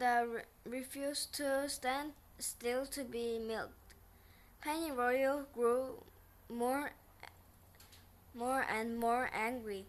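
A woman reading a children's picture book aloud, slow and halting, often restarting words. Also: on the high side. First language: Korean.

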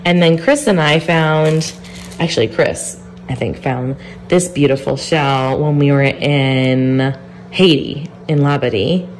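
Young woman vlogger, stuffy nose, low pitch, casual chatter. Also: steady tone, takes it slowly, a little hiss or hum. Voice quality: nasal. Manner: chatty, gushing, talks in a sing-song voice to her dog. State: congested with a cold. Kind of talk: casual vlog chat.

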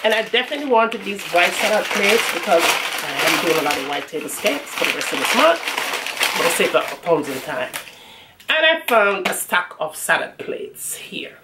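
A woman's voice: medium pitch, background noise. Chatty woman vlogging her haul. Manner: chatty, calls viewers y'all. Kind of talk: casual chat to camera.

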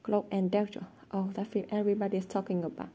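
A woman voicing a moody, secretive teenage boy who talks in a hushed, evasive way, in a storybook reading. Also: medium pitch, flat delivery, fast, natural voice. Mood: apologetic.

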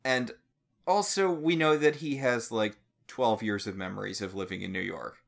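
A man's voice: on the low side, normal speed, vocal fry. A man co-hosting a podcast, reacting to a book recap in casual chat with incredulous, swearing rants. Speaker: podcast co-host.

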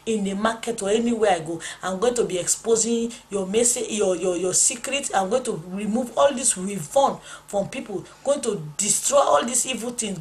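Woman, pastor's wife, testimony, emphatic, exclamatory, repetitive, mid pitch. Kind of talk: dramatic spiritual testimony.

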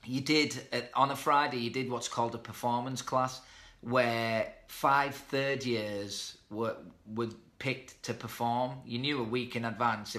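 Bright-toned chatty man. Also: mid-range voice. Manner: chatty, reads out viewer comments, self-deprecating. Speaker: live stream host. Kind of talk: casual live-stream chat. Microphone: webcam or phone mic.

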